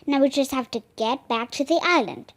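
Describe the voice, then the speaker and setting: A woman's voice: high-pitched, normal speed. A woman voicing a thoughtful, cautious young boy in a storybook read-aloud, earnest in tone.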